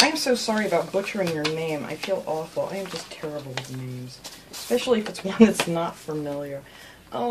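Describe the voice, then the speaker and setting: A woman's voice: fairly low pitch, noisy background. Chatty woman gushing over fan mail. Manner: gushing and chatty, thanking viewers by name. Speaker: craft channel host. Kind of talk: casual chat, opening mail. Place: home craft room.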